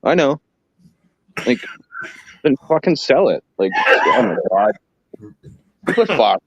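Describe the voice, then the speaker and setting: A man in casual chat with a very lively, swooping pitch, cursing his way through stories. His voice comes across dull and dry, with a lo-fi sound. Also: takes it slowly, breathy edge, dry recording. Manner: profane, animated storyteller.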